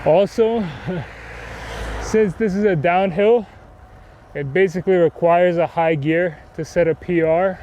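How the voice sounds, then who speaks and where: A man's voice: high voice, fairly even intonation, slow, a little mellow. A man chatting casually while riding a bike outdoors, rambling and self-deprecating, with many fillers. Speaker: cycling vlogger. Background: wind and faint traffic.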